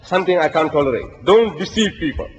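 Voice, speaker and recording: Older man, preacher, storytelling lecture, fairly high voice, dull recording, long hall reverb. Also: quick pace. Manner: storytelling, animated, quotes Arabic verses. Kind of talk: lecture to an audience.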